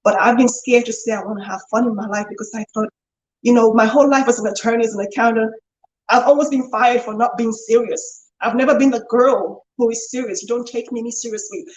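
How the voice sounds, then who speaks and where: Middle-aged woman coach, candid, lively, slightly high voice, roomy echo. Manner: candid and animated, acts out quoted voices. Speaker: business coach. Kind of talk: casual talk to camera. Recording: echoey room.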